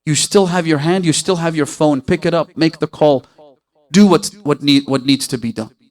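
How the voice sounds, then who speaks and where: A man preaching a sermon, telling stories with passion and asking his listeners rhetorical questions. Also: normal speed. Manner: impassioned storytelling, asks listeners rhetorical questions; voice swells loud and high at emotional peaks.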